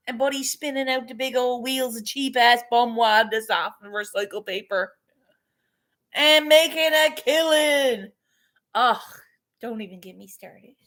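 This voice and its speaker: A woman's voice: a little high, little pitch movement, normal speed, fairly bright tone. A woman chatting casually to her viewers in a morning vlog, swearing and laughing often as she talks. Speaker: vlogger.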